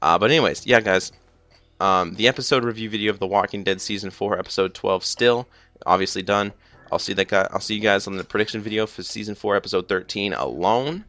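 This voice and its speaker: A young man with a lowish voice that still comes across bright and forceful, talking through a TV episode review in a loose, rambling way. He leans on "like" and "uh" constantly, sounds a bit groggy, and his words slur slightly, all in a dry, close recording. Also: a little fast, no room sound. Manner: rambling, filler-heavy with many "like" and "uh". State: groggy, just woke up, slurring slightly. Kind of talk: casual video review.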